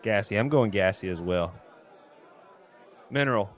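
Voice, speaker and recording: Laid-back podcast host, low voice. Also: male voice, animated, measured pace, a faint crowd. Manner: loose, rambling, laughs often. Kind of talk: casual chat.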